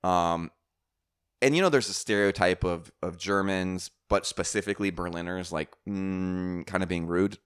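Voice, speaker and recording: Low-voiced man telling a rambling story. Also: unhurried, fairly bright tone, clear, resonant tone. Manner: rambling storyteller, many fillers and restarts. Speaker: podcast host. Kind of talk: casual chat.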